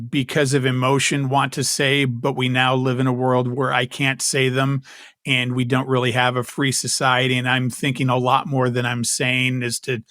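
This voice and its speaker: A male podcast co-host talks in long, rambling, emphatic runs. His voice is bright and forceful, recorded dry and close with no room sound. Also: medium pitch, no echo. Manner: rambling, emphatic political talk. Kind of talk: casual chat.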